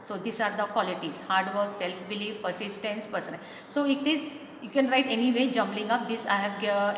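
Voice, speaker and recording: A woman's voice: a little high, fairly bright tone, a little hiss or hum. A woman teaching a lesson, walking through textbook questions step by step and often checking with "right?". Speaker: school English teacher. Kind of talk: classroom lesson explaining a textbook. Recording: echoey room with long reverb, faint ambience.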